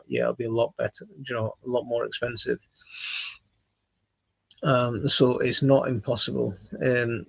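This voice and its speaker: A man, hosting a casual gardening question session, reading out viewer comments and answering in a halting way with plenty of fillers. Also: mid-range voice, creaky, a bit bright, husky, dry recording. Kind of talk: casual live Q&A chat. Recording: dull lo-fi, dry.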